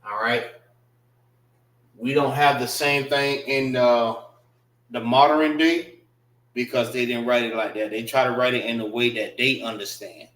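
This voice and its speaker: A man teaching a classroom language lesson in a casual way, repeating and spelling out words slowly. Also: medium pitch, steady tone, fairly bright tone, reverberant, low-quality recording. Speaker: class instructor.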